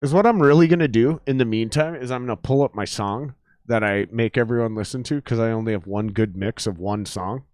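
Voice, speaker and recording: Man, podcast host, blunt, profane, emphatic, mid pitch, dry close mic. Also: a little fast, darkish tone, no room sound. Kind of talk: casual podcast chat.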